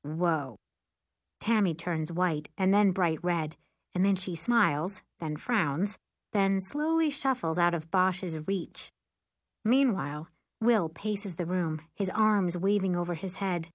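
A woman narrating an audiobook in a measured, unhurried reading style. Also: medium pitch, no room sound, clean studio sound. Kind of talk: scripted narration.

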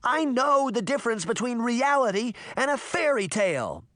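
A man voicing a defiant young girl who yells and rages in a raised voice. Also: high-pitched, big pitch swings, normal speed, no room sound, clean studio sound, pitched above the performer's own voice. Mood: raging. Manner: shouting, raging.

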